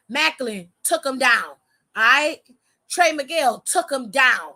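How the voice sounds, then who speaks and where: A woman's voice: sits high, animated, a little slow, sharp tone. A woman hosting a casual wrestling recap, talking in a sassy, profane, slangy way.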